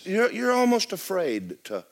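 A man preaching a sermon as pastor, swinging from loud exclamations to hushed, near-whispered lines. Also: high-pitched, huge pitch swings, measured pace, vocal fry.

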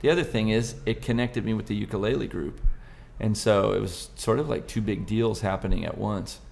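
A man's voice: on the low side, fairly even intonation, a little fast, gravelly, a little mellow. A middle-aged man from Southern California, chatting as a podcast guest in a playful, jokey storytelling manner. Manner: playful, jokey storyteller who slips into silly old-man voices. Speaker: podcast guest, ukulele performer. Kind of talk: casual chat.

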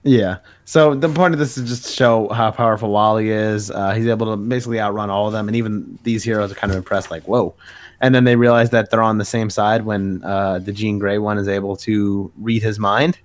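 A man's voice: lowish voice, fairly even intonation, fairly quick, few pauses. A man co-hosting a podcast, recapping a comic issue in casual chat with many filler words. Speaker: podcast co-host.

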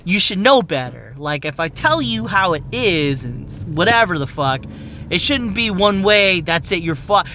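Young adult, ranting monologue, profane, exasperated, sharp tone, faint vehicle rumble. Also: big pitch swings, moderate pace. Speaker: medical office worker.

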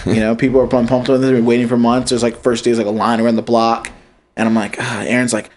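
Animated man telling a story. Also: quick pace. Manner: animated storyteller acting out quotes in high voices. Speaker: podcast co-host. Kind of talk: casual storytelling chat.

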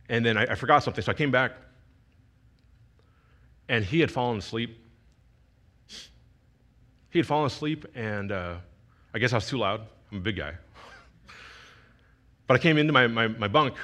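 A man's voice: medium pitch, a bit bright. A young man giving a sermon as a youth pastor, telling a personal story in a conversational, emotional way with frequent restarts.

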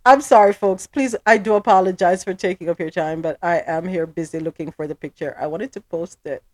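A woman's voice: lowish voice, brisk, no room sound. A woman hosting a podcast, reading news items and then drifting into playful, gossipy chat with frequent giggles. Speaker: podcast host. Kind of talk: casual news recap chat.

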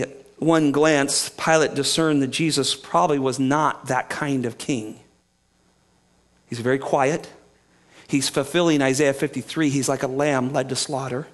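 A man's voice: mid-range voice, measured pace, pauses often. A male pastor preaching an expository sermon, acting out the people he quotes and often restarting his sentences. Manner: animated, acts out quoted speakers, frequent restarts.

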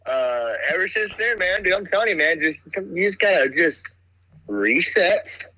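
A man's voice: high-pitched, big pitch swings, normal speed, pushed and bright, low-quality recording. A man as a podcast guest, laid-back and easygoing, chatting casually and filling his talk with "dude.". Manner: laid-back, keeps saying "dude" and "bubba". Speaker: podcast guest getting relationship advice.

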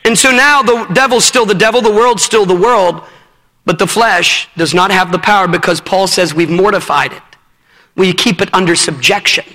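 A fervent male preacher with a strikingly high, bright, forceful voice leads a sermon and a demonstration on stage. His words ring out with a long reverb across a large hall. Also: moderate pace. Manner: fervent, directs helpers on stage.

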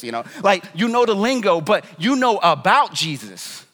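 A man's voice: high voice, big pitch swings, fairly quick, few pauses, fairly bright tone, big-room sound. A man preaching a sermon as pastor in a casual, slangy, conversational way, in a church. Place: church in New York.

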